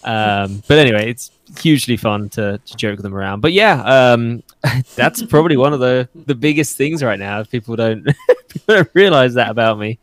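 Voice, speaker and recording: A man from England with an English accent softened by years in the US, chatting casually about his podcast and fitness work, laughing often and acting out what others say. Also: medium pitch, normal speed. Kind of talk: casual chat.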